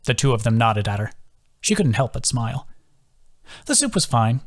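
A man's voice: medium pitch, moderate pace. A man, the author, reading his own fantasy novel as scripted audiobook narration. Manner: steady storytelling.

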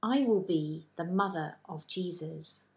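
A woman voicing young Mary, a girl who exclaims in disbelief in a children's Bible story. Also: slow. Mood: joyful. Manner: high, incredulous exclamations. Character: young girl Mary, amazed and wide-eyed.

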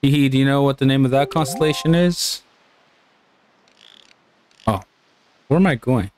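An excitable man talks over his gameplay, swearing freely and breaking into yells and cheers. His voice sits at an ordinary middle pitch, with faint music running underneath. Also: moderate pace. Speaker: gaming channel host. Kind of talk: casual let's-play commentary.

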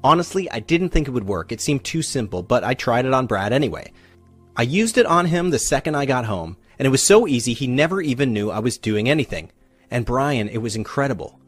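A man's voice: medium pitch, expressive, brisk, breathy edge, soft background music. A man voicing a grateful young married woman, bubbly and close to happy tears, gushing in a breathless retelling.

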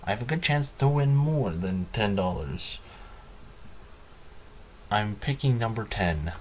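A man with a deep, low voice talks through a game in an unhurried drawl. His commentary is dry and sarcastic, often mocking himself. A faint hiss sits under the recording. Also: sing-song. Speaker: gaming channel host. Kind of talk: let's play commentary.

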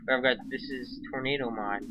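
A man's voice: medium pitch, steady tone, fairly quick. A young man giving casual gameplay commentary, swearing often and yelping when something startles him. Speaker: gaming YouTuber. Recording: loud background noise.

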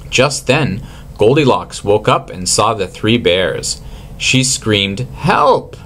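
A man reads a children's story aloud at an unhurried pace. His voice rises and falls in a lively way, and the tone stays gentle and expressive. There is a faint hiss behind him. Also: lowish voice.

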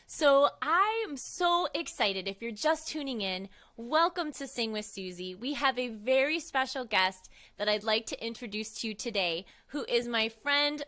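A woman's voice: on the high side, sharp tone. A woman hosting a live children's music show, cheerful and talking to the kids as friends, her voice slightly froggy.

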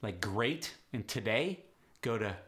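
A man working as an accent coach, briskly explaining pronunciation changes in a matter-of-fact instructional style. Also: lowish voice, animated, fairly bright tone.

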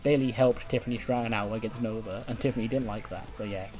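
A man giving casual let's-play commentary, recapping storylines with fillers, quick laughs and the odd swear. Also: on the low side, steady tone, darkish tone, faint music behind. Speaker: gaming YouTuber.

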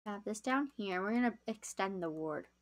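A young woman chatting casually to viewers as she plays a game on a live stream, easily excited. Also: medium pitch, moderate pace.

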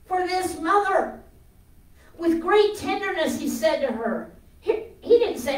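A woman preaching a sermon with passion, swinging from loud declarations to hushed storytelling. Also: sits high, animated, measured pace, echoey room, far from the mic, low-quality recording.

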